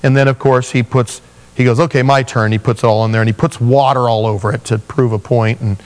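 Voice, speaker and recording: A man preaching a sermon, telling Bible stories with animated voices for the characters. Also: medium pitch, brisk, big-room sound. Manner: animated storytelling, acting out biblical figures in voices. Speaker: pastor.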